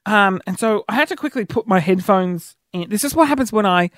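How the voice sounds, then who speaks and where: A man with a slightly bright voice talks briskly and animatedly through everyday stories, chatty and making fun of himself. He acts out what people said with jumps in pitch, and the recording is clean studio sound with no room sound.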